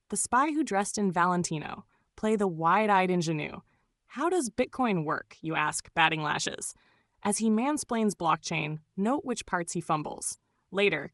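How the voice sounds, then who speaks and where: A woman's voice: mid-range voice, fairly bright tone, no echo, clean studio sound. A woman reading scripted narration in a gushing, doting way, full of pet names.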